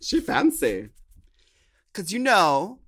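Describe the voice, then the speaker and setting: A man co-hosting a podcast, telling stories in a campy, animated casual way. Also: sits high, slow. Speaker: podcast co-host. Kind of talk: casual chat.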